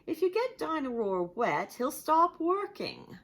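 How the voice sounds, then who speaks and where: A kind, cheerful mother pig from a storybook reassures her children in a bright, soothing voice, as a woman puts her on. Her voice sits a little high. It lifts and falls widely, and the pace stays slow. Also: big pitch swings, full character voice. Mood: reassuring.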